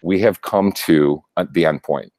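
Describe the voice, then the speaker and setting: A young man hosting a casual political chat show, talking in an animated way, laughing often, restarting his sentences and swearing freely. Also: low voice, a little slow, no room sound. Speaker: show host.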